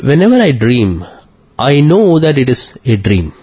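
A man from India telling a personal story as an interview guest, earnest and halting, with emotion close to the surface. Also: mid-range voice, sing-song, breathy edge. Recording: muffled lo-fi recording.

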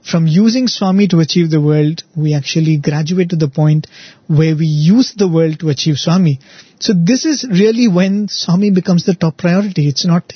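A man's voice: a little high, husky, dry recording, dull audio. A man giving a devotional talk, telling a story and often checking in with "right?" and "you know". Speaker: devotional speaker. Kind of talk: spiritual talk.

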